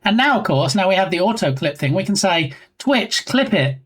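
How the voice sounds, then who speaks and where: A man's voice: high-pitched, animated, fast. Playful, joking male streamer. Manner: playful, jokey, teasing chat. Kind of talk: casual live-stream chat.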